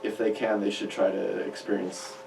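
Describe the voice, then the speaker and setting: A man's voice: on the low side, little pitch movement, normal speed, creaky. A man from Chicago, a musician guest chatting in a radio interview. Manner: chatty, rambling. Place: radio studio. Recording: roomy, distant mic with faint hiss.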